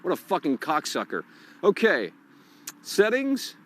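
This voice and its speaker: A man's voice: high-pitched, wildly swooping pitch, measured pace, fairly bright tone. Irritable, cursing man streaming outdoors. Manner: irritable, swearing, frustrated muttering. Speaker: host of a live call-in stream. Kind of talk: live-stream rant while fixing tech.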